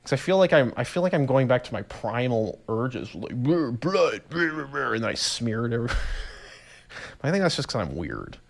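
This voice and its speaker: Rambling man with lively pitch. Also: moderate pace, creaky. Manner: rambling, animated storytelling with laughs and voiced reactions. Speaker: podcast host. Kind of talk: casual solo monologue.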